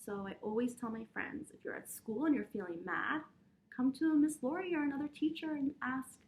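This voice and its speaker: Gentle high-voiced woman teaching children. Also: a little fast. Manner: gentle, encouraging, speaks directly to children. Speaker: preschool teacher. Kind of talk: children's lesson with breathing exercises.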